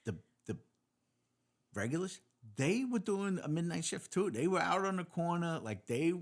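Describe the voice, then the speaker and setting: A man, a host and former police officer, telling chuckling anecdotes in a relaxed interview. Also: on the high side, normal speed. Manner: relaxed storyteller, chuckles through his anecdotes. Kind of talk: casual interview chat.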